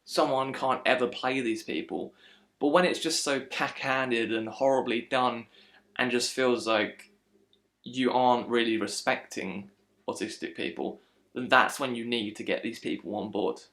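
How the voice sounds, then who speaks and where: A man's voice: medium pitch, fairly even intonation, unhurried, a bit bright. A man giving a casual, frustrated film critique, slipping into mocking impressions. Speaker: film reviewer.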